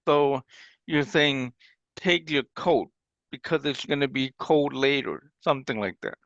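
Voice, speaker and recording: A man teaches an online language class in an unhurried, patient way, pausing to demonstrate example phrases. His voice sits a little high for a man. The dry, dull-sounding video call audio has a lo-fi quality. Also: vocal fry, a bit bright, dry recording.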